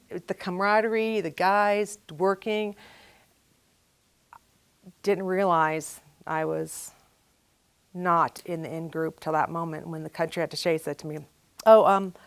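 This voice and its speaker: An older woman, a retired pilot, recounting her career in an oral history interview, chatty and full of ums, acting out the people she quotes. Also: fairly low pitch. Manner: chatty storyteller, acts out quoted dialogue, many ums.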